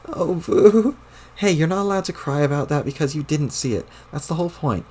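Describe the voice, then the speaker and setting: A man's voice: fairly high pitch, lively intonation, fairly quick, mellow, husky. A man reading a webcomic aloud, putting on the voice of a bossy, exasperated young girl who scolds and swears. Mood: scolding.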